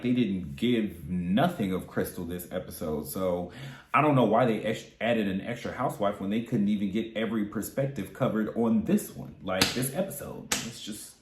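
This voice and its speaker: A man's voice: medium pitch, darkish tone, reverberant. A man giving casual, sassy recap commentary on a reality show, chatty and candid with frequent asides.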